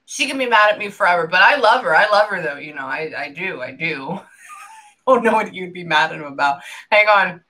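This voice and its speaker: Speaking a little quickly in a sharp, mid-range voice, a woman working as a psychic medium pauses often during a reading to listen before passing on quoted messages.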